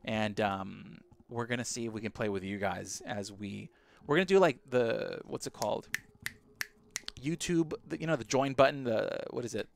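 A man hosting a live reaction stream on a broadcast headset, chatting casually and excitedly with viewers. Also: mid-range voice, normal speed, vocal fry, slight background noise.

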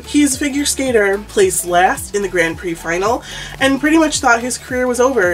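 Chatty giggly woman vlogger, distant mic. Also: mid-range voice. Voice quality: chatty, giggly, quick asides. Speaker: anime vlogger host. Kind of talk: casual countdown commentary vlog. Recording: distant mic with background music.

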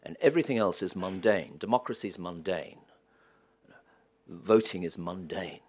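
Low-voiced man giving a wry lecture. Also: moderate pace, darkish tone. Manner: wry, anecdotal, dry humor. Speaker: guest lecturer. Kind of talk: public lecture.

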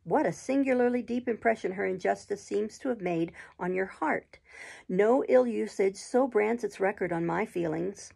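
A gentle, patient schoolgirl, read by a woman in a storybook audiobook, reasoning calmly and earnestly. The voice has a husky, breathy edge with a gravelly fry underneath. Her delivery stays even and measured. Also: mid-range voice. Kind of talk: audiobook reading.

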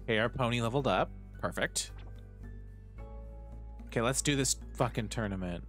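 A man's voice: mid-range voice, lively intonation, normal speed, pauses often, a bit bright. A man streaming live, chatting casually with viewers as he plays, self-mocking and swearing freely. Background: faint game music.

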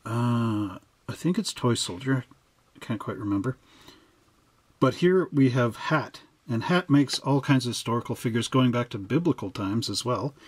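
Male hobby host, mid pitch, casual and digressive, dry close recording. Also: dry recording. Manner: chatty and digressive, with joking asides. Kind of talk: casual hobby explainer, showing model kits.

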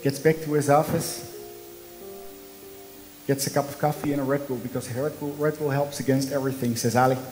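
A man's voice: mid-range voice, steady tone, brisk, long pauses, a little mellow, long reverb tail, faint music behind, low-quality recording. Dutch man giving an earnest talk. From Netherlands. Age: 30s. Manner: earnest, emphatic, storytelling with small slips in English. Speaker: conference speaker. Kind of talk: motivational talk. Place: conference hall.

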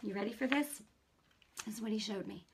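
A middle-aged woman hosting a faith show, telling a personal testimony in an animated, conversational way and acting out the dialogue. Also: medium pitch, a little fast, a little hiss or hum. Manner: animated storytelling, acts out dialogue; conversational, many fillers. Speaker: host.

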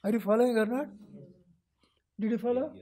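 A man's voice: extremely high pitch, fairly quick, mellow. A man with an Indian accent giving a scripture lecture as a spiritual teacher, explaining patiently and often checking whether his listeners follow. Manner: acts out a seeker's voice in quoted lines.

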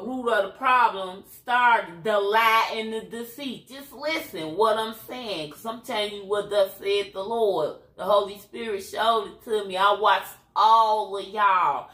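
A Chicago woman with a Chicago accent rants on her channel, blunt and streetwise, with a preachy edge. Her voice sits fairly high and she takes her time with each phrase. The room around her is echoey. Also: fairly bright tone. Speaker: YouTuber. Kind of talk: ranting commentary livestream.

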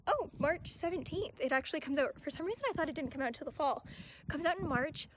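Super high-pitched lady gushing on her book vlog, all breathless and excited, bit of hiss behind. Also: fast talker. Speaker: book vlogger. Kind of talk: casual vlog chat.

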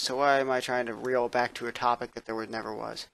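A young man rambles to his webcam late at night, tired and sarcastic, with plenty of swearing. His voice sits at an ordinary pitch. The sound is dry and close, with no room echo. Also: level tone, quick pace, vocal fry, hardly any pauses, a bit bright. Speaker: vlogger. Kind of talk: casual rambling vlog. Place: indoors at his computer.

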